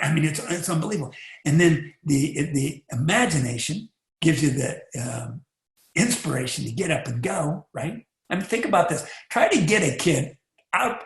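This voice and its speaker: A man giving a motivational talk, animated and rhetorical, often asking the listener questions. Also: fairly high pitch, gravelly. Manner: animated, rhetorical, acts out little voices. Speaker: motivational speaker. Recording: echoey room.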